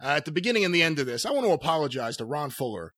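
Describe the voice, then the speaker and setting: A man's voice: fairly high pitch, sing-song, rapid-fire, fairly bright tone. A man hosting a podcast, teasing his guests and laughing often. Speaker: podcast host. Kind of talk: casual podcast chat.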